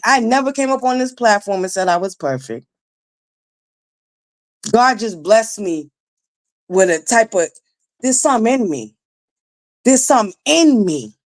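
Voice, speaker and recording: Raspy woman in her forties, live-stream host, lively swooping delivery, blunt and profane. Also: medium pitch. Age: 40s. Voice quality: naturally raspy voice. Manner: blunt, profane, emphatic, addresses viewers directly. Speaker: livestream commentary host. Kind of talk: casual live-stream commentary.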